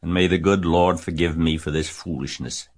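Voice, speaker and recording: A man reading aloud and voicing a gentle but firm farm father speaking patiently to his daughter. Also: low-pitched, normal speed, natural voice. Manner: calm, patient.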